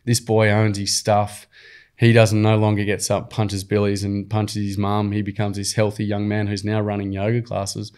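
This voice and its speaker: A man's voice: lowish voice, moderate pace, clear, resonant tone. A young adult Australian man, a podcast guest, telling stories in casual, slangy, earnest chat. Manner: earnest, slangy, animated storytelling. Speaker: podcast guest, program founder. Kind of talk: casual storytelling.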